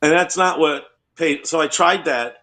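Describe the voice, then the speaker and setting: A male comedian chatting on a comedy podcast, telling stories in a rambling, halting way with lots of restarts and laughing. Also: on the high side, pushed and bright. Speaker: comedian guest. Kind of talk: casual comedy podcast chat.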